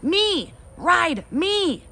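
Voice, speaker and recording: A woman's voice: very high-pitched, big pitch swings, drawn-out words, gravelly, bright, forceful tone, voice pushed up, heavily acted. A woman voicing a whiny, stubborn toddler boy who shrieks short demands. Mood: demanding.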